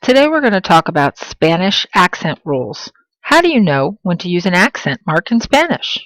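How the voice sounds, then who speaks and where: A woman teaching a Spanish lesson in English, slowing down to pronounce example words with clear stress. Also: on the low side, fairly bright tone, no echo, poor audio. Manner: slow, emphatic pronunciation of example words. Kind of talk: classroom lesson.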